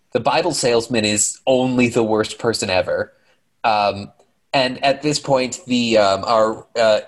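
A man with a husky, slightly rough voice talks through a film plot in a loose, rambling way. He is sarcastic and swears freely, often slipping into quick impressions of the characters. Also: on the low side. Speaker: podcast co-host recapping a movie. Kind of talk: casual chat.

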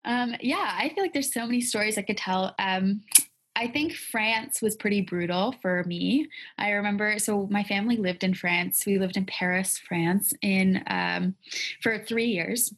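A woman co-hosting a podcast tells stories in casual chat. She is chatty and leans on fillers and restarts. Her voice sits at a middle pitch. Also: a little slow, fairly bright tone. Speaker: podcast co-host.

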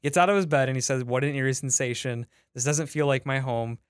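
Smooth-voiced man retelling a comic. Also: medium pitch, quick pace, dry recording, clean studio sound. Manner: retelling a comic with lots of fillers and restarts. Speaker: podcast producer and guest. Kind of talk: casual podcast chat.

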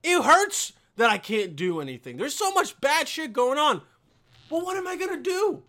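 A young man ranting profanely to camera as a vlogger, with loud bursts and mocking quoted voices. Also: very high voice. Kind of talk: profane comedic rant.

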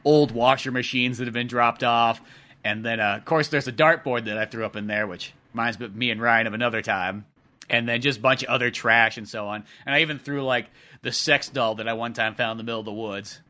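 A man's voice: mid-range voice, steady tone, a little fast, sharp tone. A young man co-hosting a podcast, rambling in a casual, laughing way. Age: young adult. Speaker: podcast co-host. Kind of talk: casual chat.

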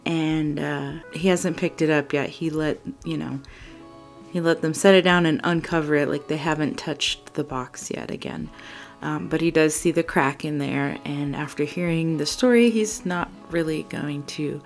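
A woman hosting a solo tabletop game podcast, narrating in a relaxed, rambling way. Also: low-pitched, normal speed, soft background music.

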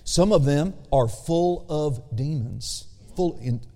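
Male pastor, sermon, slow drawn-out emphasis, mellow tone, long hall reverb. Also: fairly high pitch. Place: church sanctuary.

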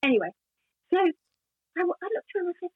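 An older woman, a former actress, chats as a guest in a casual interview, telling long, warm, rambling anecdotes with many restarts. Her very high-pitched voice swings widely and moves fairly quickly, with no echo, over a dry, tinny phone-like line.

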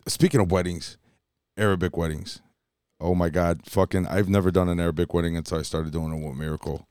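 A man co-hosting a casual podcast, telling stories in an animated, profane way and teasing his co-host. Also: sits low, fairly quick, clear, resonant tone, no echo, studio quality. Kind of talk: casual chat.

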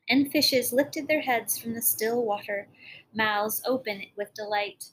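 A woman's voice: a little high, a bit bright, slight background noise, rough recording. A woman narrating a fairy tale expressively, with dramatic storybook reading.

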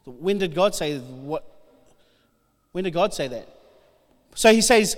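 A man delivers a sermon with a notably high voice, reading a Bible story and playing out its speakers. His words ring through a church hall with a long, lingering reverb. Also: a little slow, pauses often. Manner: animated, acts out the Bible figures' lines. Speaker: preacher. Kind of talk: sermon reading scripture aloud.

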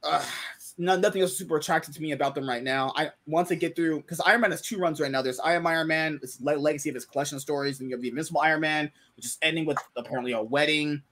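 A man's voice: a little high, rapid-fire, a bit bright, slight background noise. A man hosting a casual podcast chat, talking animatedly and often exclaiming in disbelief. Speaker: podcast host.

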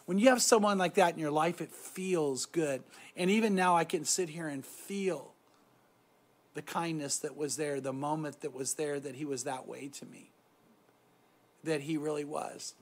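A middle-aged man giving a reflective devotional talk on meditation, soft-spoken and often trailing off quietly. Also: fairly high pitch, moderate pace. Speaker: Christian speaker guiding meditation.

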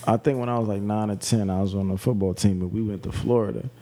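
A man's voice: fairly low pitch, steady tone, quick pace, dark tone. A man co-hosting a podcast, telling a story in slangy, laid-back casual chat. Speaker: podcast co-host.

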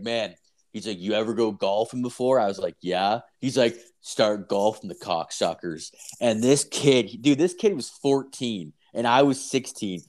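Profane, rambling young man telling stories. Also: mid-range voice. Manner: profane, rambling, animated storyteller. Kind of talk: casual storytelling chat.

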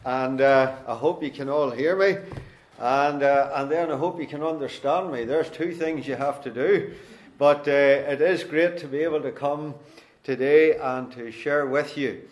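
A man's voice: fairly high pitch, a little slow, roomy sound. A middle-aged man with a Northern Irish accent, a guest preacher introducing himself in a homely, folksy way before reading scripture. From Northern Ireland. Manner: homely, folksy, with gentle self-deprecating humour. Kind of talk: sermon introduction and Bible reading.

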